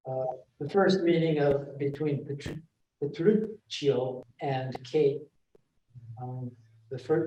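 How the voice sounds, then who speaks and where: A man presenting a class in a library room, talking in a halting way with many fillers and restarts and often checking in with his listeners. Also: mid-range voice, dark tone. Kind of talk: classroom talk on reading verse aloud. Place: library meeting room, indoors. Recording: echoey room, voice from far off.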